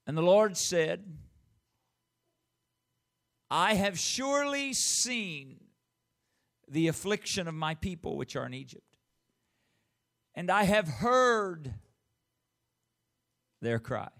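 A man, the pastor, giving church announcements and then preaching a sermon, leading call-and-response and reading scripture aloud slowly. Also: high voice, sing-song, gravelly, fairly bright tone. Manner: reads scripture aloud in a slow, drawn-out voice.

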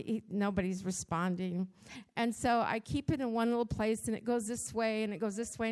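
A woman giving a devotional church talk, telling a personal story in an animated, dramatic way, with her voice jumping up in pitch and loudness. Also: clear, resonant tone. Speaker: church speaker.

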